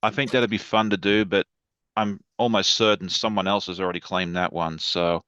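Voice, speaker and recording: A man's voice: low voice, level tone, moderate pace, pushed and bright, clear, resonant tone, no room sound, muffled recording. A man chatting as a guest on a livestream over a video call, enthusiastic and rambling. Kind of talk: casual livestream chat.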